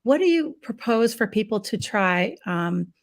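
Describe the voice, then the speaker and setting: A woman's voice: fairly high pitch, big pitch swings. A woman hosting a live show, chatting casually and affirming her guest. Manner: warm, affirming listener, quick to laugh. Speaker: host. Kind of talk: casual interview chat.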